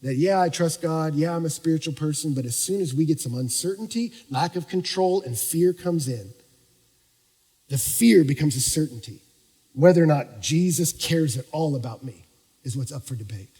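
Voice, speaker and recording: A man preaching a sermon as pastor, swinging from hushed, quiet stretches up to shouting. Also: on the high side, expressive, normal speed, slightly rough. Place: large church auditorium. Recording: long reverb of a large hall.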